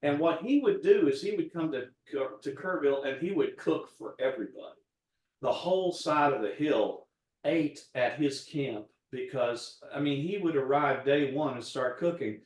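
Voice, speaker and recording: A man's voice: fairly high pitch, moderate pace, a little mellow. A man, a guest chef, telling a rambling personal story in casual chat while cooking. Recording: roomy echo.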